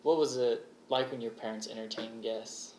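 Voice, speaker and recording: A man's voice: medium pitch, fairly even intonation, normal speed, darkish tone, slight background noise, low-quality recording. Male interviewer asking brief questions.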